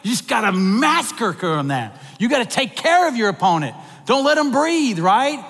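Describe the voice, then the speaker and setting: A middle-aged man, a minister, preaching a sermon in a church and building to animated, excited emphasis. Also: very high voice, normal speed, in a large hall. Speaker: minister on staff.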